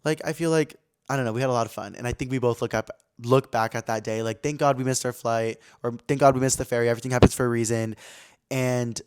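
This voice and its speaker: A man's voice: medium pitch, steady tone, fast talker, a little mellow, clean tone. A man hosting a podcast, telling a rambling, gossipy story in casual chat and filling it with "like". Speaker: podcast host.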